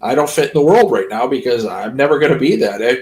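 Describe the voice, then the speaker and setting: A man's voice: medium pitch, expressive, quick pace, darkish tone, rough recording. A man streaming a casual talk, ranting bluntly with plenty of swearing. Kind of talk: casual chat.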